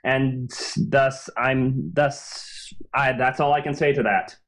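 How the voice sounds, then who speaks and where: A man's voice: medium pitch, steady tone, a little slow, fairly bright tone. A man, a guest author in a casual podcast interview, explaining his reasoning in an earnest, think-aloud way.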